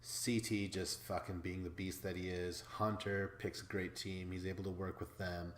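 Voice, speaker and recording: A man from Wisconsin hosting a podcast, recapping episodes in a casual, excitable way, swearing freely and laughing as he talks. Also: sits low, moderate pace, reverberant, slight background noise. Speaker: podcast host.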